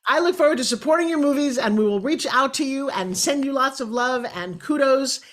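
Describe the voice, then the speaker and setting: A woman's voice: high-pitched, lively intonation, a little fast. A middle-aged woman from New York hosting a talk show, enthusiastic and chatty as she tells stories. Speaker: host.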